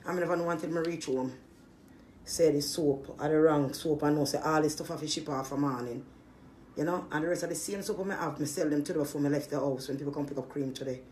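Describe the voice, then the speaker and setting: A woman's voice: sits low, brisk, darkish tone, slight background noise. A woman, a small business owner venting in an angry, profane monologue. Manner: irritated, profane ranting.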